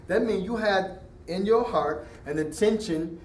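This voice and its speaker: A man teaching a religious class, lively and animated, slipping Arabic terms into his English. His voice sits a little high, and he sounds set back from the mic in a roomy, echoing space with faint background noise. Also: moderate pace, distant mic. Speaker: Islamic teacher. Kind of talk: classroom lecture with questions.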